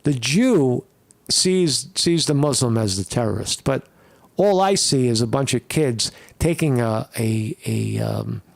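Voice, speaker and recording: A man's voice: medium pitch, animated, a little slow, vocal fry, dry recording. A man casually commenting on a video he plays, rambling and profane, with many fillers and restarts.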